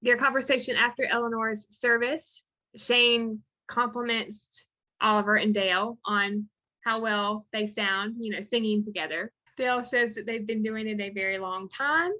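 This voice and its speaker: Bright-voiced woman podcast co-host. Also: fairly high pitch, normal speed, lo-fi sound. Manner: reads quotes aloud with lively acted inflections. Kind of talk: casual chat recapping a film.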